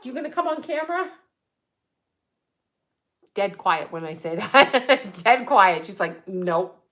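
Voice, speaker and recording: A woman's voice: mid-range voice, big pitch swings, slow pace, long pauses, fairly bright tone. A middle-aged woman talks straight to her livestream viewers in a loose, conversational way. She is blunt and swears freely as she answers their comments. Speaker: psychic livestream host. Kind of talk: casual livestream chat reading comments.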